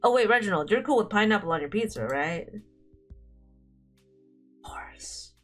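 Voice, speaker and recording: A woman's voice: mid-range voice, animated, fast talker. Giggly young woman reading a dating game. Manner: giggly, playful, frequent laughter. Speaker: streamer. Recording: faint game music behind.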